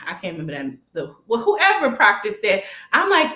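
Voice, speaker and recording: A woman recaps a TV drama in a loose, chatty way, swearing freely and laughing along as she goes. Her voice sits at a middling pitch. The room around her adds a noticeable echo. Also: normal speed, hardly any pauses. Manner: animated, profane, laughs often. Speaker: TV recap vlogger. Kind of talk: casual episode recap.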